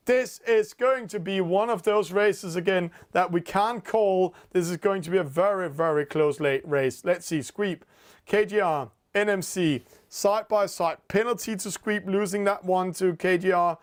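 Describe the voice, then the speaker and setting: A man's voice: high-pitched, unhurried. A man with a delivery giving live commentary on an online sailing race, full of fillers and jumping up at every penalty. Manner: excitable, rises sharply at penalties, many fillers.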